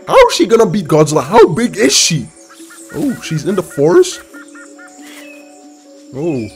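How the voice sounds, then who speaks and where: A man hosting a reaction video, exclaiming and laughing often as he comments excitedly. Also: fairly high pitch, a little slow, faint music behind.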